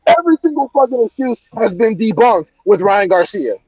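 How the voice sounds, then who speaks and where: Guy with a really high voice ranting hard, lots of swearing, dry dull lo-fi sound. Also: sing-song, brisk, hardly any pauses, a little mellow, slightly rough, no echo. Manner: heated, profane ranting. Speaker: boxing commentator. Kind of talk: casual chat.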